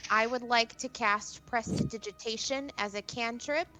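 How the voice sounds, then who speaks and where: A woman's voice: on the high side, moderate pace, pushed and bright, poor audio. A woman playing a tabletop game, firmly reining in the other players. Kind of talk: casual tabletop play.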